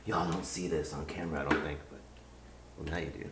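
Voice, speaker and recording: A man's voice: very deep voice, fairly even intonation, fast talker, heavy background noise. A man streaming a game live, chatting casually and rambling with lots of fillers, on a desk mic. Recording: roomy room with game music.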